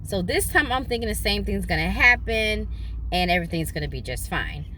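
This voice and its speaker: A woman's voice: brisk, slight background noise. A young woman vlogging from inside a parked car, telling a story animatedly into her phone. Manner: animated, dramatic retelling with big pitch jumps. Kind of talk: casual storytelling.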